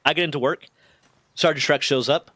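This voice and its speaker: On a stream, a man tells a profane workplace story in a casual, animated way, voicing each line of dialogue himself. His voice is a little high and brisk, and the recording sounds dry.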